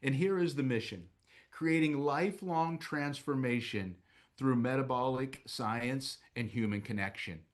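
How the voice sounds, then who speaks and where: A man's voice: mid-range voice, a little slow. A man presenting at a company event, earnest and upbeat, polished, reading from a script.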